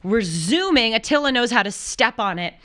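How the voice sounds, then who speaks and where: A woman hosting a talk show, telling a travel story in a lively, chatty way and acting out the people in it. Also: a little high, normal speed. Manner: animated storyteller who acts out quoted voices. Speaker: show host. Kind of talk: casual chat.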